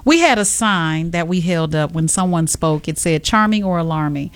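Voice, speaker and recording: A woman with a lowish voice recounts a story in casual talk, slipping into acted-out quotes as she goes. The sound is dry and close. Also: normal speed, no echo. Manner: animated storyteller, acts out quotes. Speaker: co-host. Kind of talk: casual chat.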